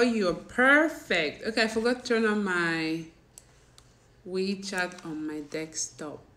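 Slow-talking Nigerian woman on a livestream. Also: fairly low pitch, a bit bright. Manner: chatty, mixes pidgin, laughs often. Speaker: livestream host. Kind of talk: casual live chat with viewers.

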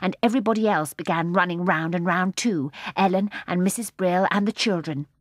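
Female audiobook narrator, expressive and measured, mid pitch, dry sound. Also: dry recording. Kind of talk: scripted narration.

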